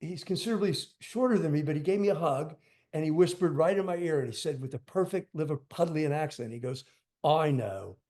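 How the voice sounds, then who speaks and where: Older man guest, rambling emphatic storyteller, slightly high voice, casual interview. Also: quick pace, mellow. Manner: rambling, emphatic, filler-heavy. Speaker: guest drummer.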